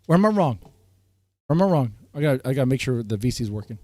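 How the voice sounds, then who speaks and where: A man streaming live, ranting at his chat in a heated, swinging way, his voice strained and often cleared. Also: big pitch swings, quick pace, dry recording. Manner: heated, swings from loud outbursts to low muttering. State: voice strained, keeps clearing throat. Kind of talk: ranting livestream commentary to chat.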